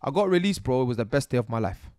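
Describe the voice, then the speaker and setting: A young man, telling his own stories as a podcast guest in a lively, slang-filled way and acting out scenes as he goes. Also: medium pitch, rapid-fire, no room sound. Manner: animated, slang-heavy, acts out scenes. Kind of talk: casual storytelling interview.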